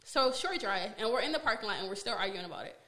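A woman podcast host telling a personal story in a casual, animated way, exasperated and full of fillers. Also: mid-range voice, fast.

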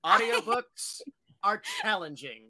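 A woman's voice: medium pitch, wildly swooping pitch, takes it slowly, vocal fry. A woman moderating a panel, reading out audience questions and encouraging the guests. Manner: warm, encouraging, reads out questions.

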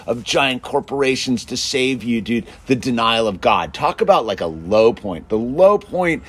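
A man ranting in a casual monologue, emphatic and constantly saying "dude", swinging between loud bursts and low mutters. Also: expressive, measured pace, breathy edge. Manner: emphatic, peppers speech with "dude". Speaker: show host.

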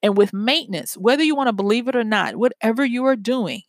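A woman's voice: fairly high pitch, lively intonation, fast, no echo. Earnest woman giving a motivational talk. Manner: earnest and conversational, with everyday examples.

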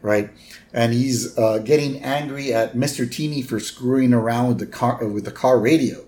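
A man's voice: medium pitch, moderate pace, mellow. Man casually recapping a cartoon episode. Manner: retells scenes with quoted lines, fillers and "right?". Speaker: podcast co-host.

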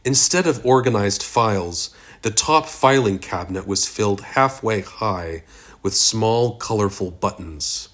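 Male audiobook narrator, low husky voice, slow steady read. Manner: steady, measured reading. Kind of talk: scripted narration.

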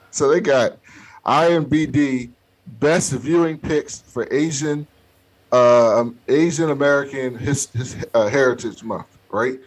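Male podcast co-host, husky mid-range voice, loose laughing banter. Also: medium pitch, takes it slowly. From Baltimore. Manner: laughs often, swears freely. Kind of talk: casual chat.

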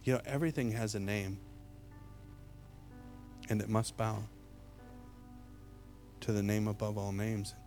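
A middle-aged man preaching a sermon as an evangelist, telling a story with lots of repeated words, jumping from loud to hushed. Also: fairly low pitch, fairly even intonation, measured pace, long pauses, soft background music. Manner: repeats words and restarts often.

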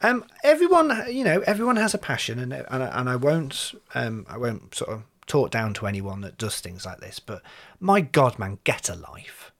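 A man hosting a casual chat podcast, teasing his co-hosts in a lively, sometimes mock-posh way. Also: medium pitch, normal speed, gravelly. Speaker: podcast host. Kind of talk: casual banter.

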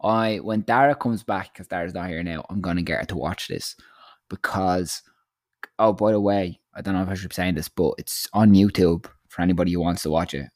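A man's voice: sits low, fast talker, few pauses, dry recording, studio quality. Irish young man in casual chat. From Ireland. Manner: animated, swearing, laughing storyteller.

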